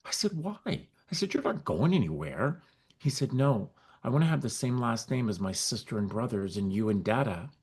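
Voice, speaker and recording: A middle-aged man, a guest on an interview podcast, telling his story with lively acted-out dialogue. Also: mid-range voice, normal speed, slightly rough. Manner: animated storyteller acting out quoted dialogue. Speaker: guest, nonprofit founder.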